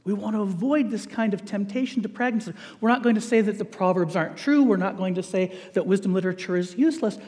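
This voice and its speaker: A middle-aged preacher with a fairly high voice delivers a lively, joking sermon at a quick pace with few pauses. The long reverb of a large hall surrounds his words, and he slips playful asides to the congregation.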